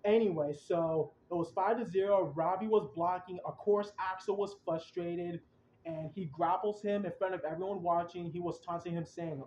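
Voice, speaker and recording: A young man hosting a podcast, excitedly retelling events in a rambling, casual way with slang. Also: sits high, normal speed, a little hiss or hum. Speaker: podcast host. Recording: roomy, dull lo-fi sound.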